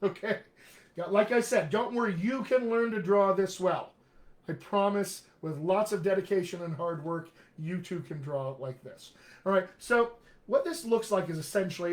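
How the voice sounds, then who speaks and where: A middle-aged man, a dialect coach, giving an energetic, jokey live-streamed lesson, often checking in with "all right?". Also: high voice. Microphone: webcam or computer mic on a live video stream.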